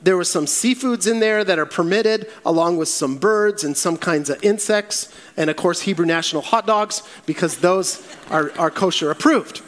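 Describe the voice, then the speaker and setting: A male pastor preaching a sermon, acting out Bible quotes in a lively way. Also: sits high, moderate pace, few pauses, in a large hall.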